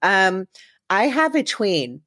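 A woman's voice: mid-range voice, big pitch swings, takes it slowly, a bit bright, no room sound. Chatty podcast host woman, dry sound. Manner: chatty, rambling with restarts. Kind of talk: casual chat.

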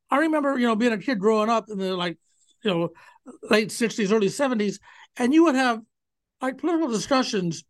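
A man's voice: high voice, a bit bright. A man in his sixties chatting about politics as a guest, rambling and hesitant with many fillers. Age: 60s. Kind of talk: casual political chat.

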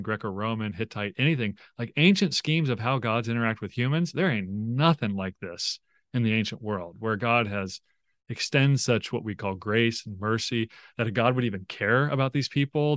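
A man on a podcast talks with lively energy, putting on little voices for the people he quotes. His pitch sits in an ordinary middle range. The sound is close and dry, with no room. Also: no room sound. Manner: animated, acts out quoted voices, many fillers. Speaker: biblical scholar guest. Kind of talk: conversational podcast interview.

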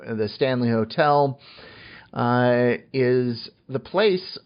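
Man co-hosting a podcast, halting delivery. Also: mid-range voice, highs cut off. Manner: halting, full of fillers and joking asides. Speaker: podcast co-host. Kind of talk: casual podcast chat.

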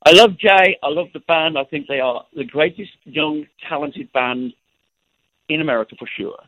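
An older man speaks with a husky, slightly breathy grain, gushing with praise and affection in loose interview talk. The voice comes through a thin, phone-like line that strips away lows and highs. It sounds close and dry. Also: moderate pace, no room sound. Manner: effusive and warm about others. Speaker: guest musician. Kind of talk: casual interview chat.

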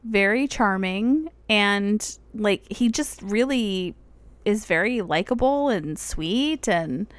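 A woman's voice: medium pitch, expressive, takes it slowly, no echo. A woman co-hosting a podcast in casual chat, talking frankly and swearing freely. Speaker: podcast co-host.

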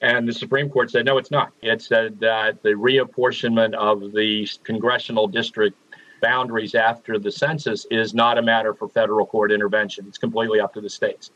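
A man from Pennsylvania, a guest on a radio interview, explaining things in a measured way with frequent "uh" fillers. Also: lowish voice, little pitch movement, fairly bright tone, dry recording, lo-fi sound. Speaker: political analyst guest.

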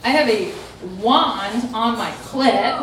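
A young adult woman telling a personal story in casual chat, animated and dramatic, acting out quotes with laughing asides. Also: a little high, slow, far from the mic, very noisy. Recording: echoey room, voice off-mic.

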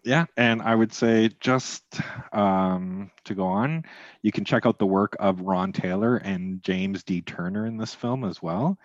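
Low-voiced man on a podcast. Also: a little slow, no echo, dull audio. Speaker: podcast co-host. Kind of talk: casual movie podcast chat.

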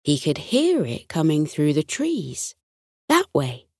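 A woman narrates a children's bedtime story at a slow, unhurried pace, her pitch gently rising and falling with the tale. The recording is close and dry, with no room sound. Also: husky, no room sound. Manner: soothing, unhurried and expressive.

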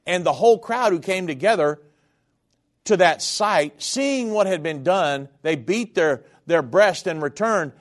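Earnest guy preaching a sermon, slightly high voice, heartfelt, gets loud then soft. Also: animated, a little slow. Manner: earnest, heartfelt, wide swings in pitch and volume. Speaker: radio preacher.

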